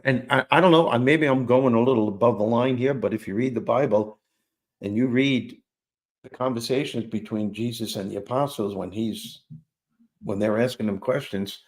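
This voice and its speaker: A man tells a personal story in an easy, conversational way. He is animated and self-deprecating, and he acts out the lines he quotes. His voice sits at a middle pitch. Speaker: guest storyteller.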